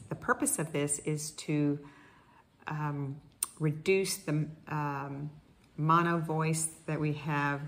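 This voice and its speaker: A middle-aged woman speech therapist calmly leading guided voice exercises, pausing with frequent fillers. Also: deep voice. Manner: calm instructional, with many fillers. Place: indoors in Costa Rica, wind outside.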